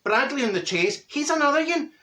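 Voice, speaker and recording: Casting: man as a mouthy middle-aged Glaswegian woman, high bright voice, blunt and mocking comedy monologue. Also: expressive, brisk, heavily acted. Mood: ranting. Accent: Glaswegian Scottish. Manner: gossipy, blunt, mocking asides. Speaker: comic character monologue.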